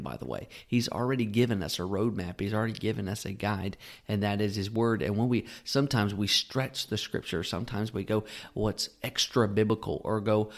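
A man hosting a Christian podcast, teaching in a casual, conversational way with rhetorical questions and self-corrections. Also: on the low side. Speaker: podcast host.

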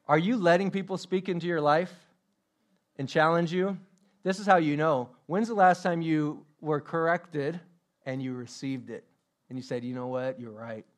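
A man preaching a sermon as pastor, emphatic, repeating his questions and joking about himself. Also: fairly high pitch. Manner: self-deprecating humor.

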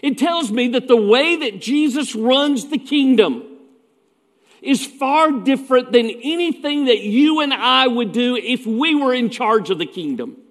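A man's voice: extremely high pitch, animated, a little slow, long reverb tail. A man preaching a sermon as pastor, telling stories in a folksy way with asides.

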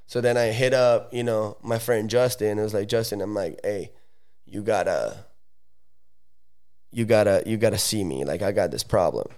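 A man's voice: fairly low pitch, darkish tone. A young Italian-born man, a podcast guest, telling a long story in a loose, slangy way with many fillers and restarts. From Italy. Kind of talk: casual storytelling.

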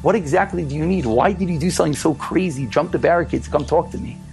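A man playing a kindly king who speaks gently and reassuringly to a child. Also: a little high, fast, vocal fry, faint music behind. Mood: gentle.

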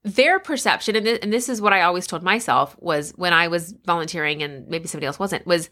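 Middle-aged woman podcast host, bright tone, frank and emphatic, casual monologue. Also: on the low side, quick pace, hardly any pauses. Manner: candid, conversational, emphatic. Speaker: podcast host and life coach.

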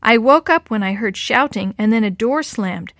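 A woman voicing a lonely, kindly elderly lady in an audiobook, speaking gently and a little slowly. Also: a little high, animated, no echo. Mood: wistful. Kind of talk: audiobook character reading.

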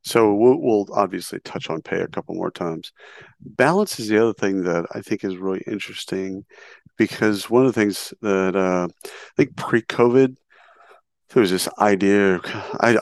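A man's voice: low voice, gravelly, no echo, studio quality. A man hosting an interview, opinionated and sarcastic, rambling through his questions with self-deprecating asides. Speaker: interview host. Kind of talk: casual conversational interview.

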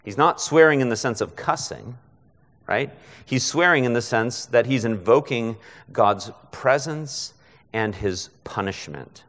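Low-voiced man preaching in a hall. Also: a bit bright. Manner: conversational, frequent rhetorical "right?". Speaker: guest preacher. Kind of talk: expository sermon.

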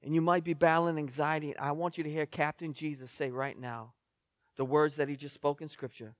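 A man's voice: on the high side, fairly even intonation, fairly quick, no echo. A male pastor in his forties, reading scripture and telling a story in a sermon with mounting intensity. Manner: storytelling preacher, rising in intensity.

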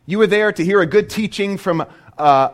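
A man preaching a sermon as a pastor, animated and full of rhetorical questions. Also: high voice, normal speed.

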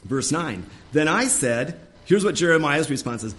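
A male pastor preaching an earnest sermon, often restarting his phrases and climbing higher and louder when he gets worked up. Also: sing-song, moderate pace.

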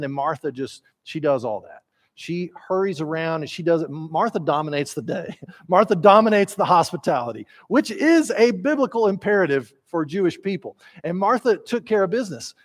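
A middle-aged man preaching a sermon, telling the story lively and acting out the voices of the people in it. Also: sits high. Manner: animated storyteller, acts out biblical voices. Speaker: pastor.

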